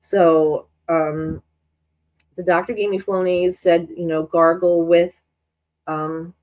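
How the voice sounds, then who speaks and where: A woman's voice: lowish voice, darkish tone, rough recording. Chatty woman, stuffy with a cold. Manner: chatty and rambling, many restarts. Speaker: sewing channel host. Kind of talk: casual chat while sewing on a live stream.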